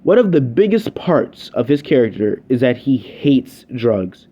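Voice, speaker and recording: A man's voice: mid-range voice, big pitch swings, measured pace, dull audio. A young man giving a scripted review, ranting in an exasperated, sardonic way.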